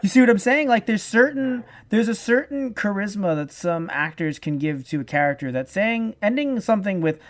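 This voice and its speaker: A man co-hosting a casual review podcast. He talks in an animated way, swears, restarts his sentences and acts out the lines he quotes. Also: high voice, normal speed, hardly any pauses. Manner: profane. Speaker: podcast co-host.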